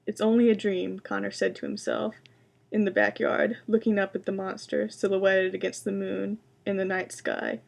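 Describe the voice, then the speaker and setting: A woman giving a booktalk presentation, introducing books and reading excerpts aloud in a quiet, measured way. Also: mid-range voice, flat delivery, vocal fry. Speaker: library science student presenting books.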